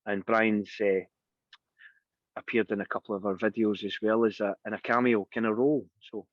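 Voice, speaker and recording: A Scottish singer being interviewed, telling anecdotes in a casual, animated way and acting out the voices of the people in them. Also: male voice, on the low side, normal speed, no echo. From Scotland. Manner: lively anecdotal storyteller, acts out quoted voices. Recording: dry, dull lo-fi sound.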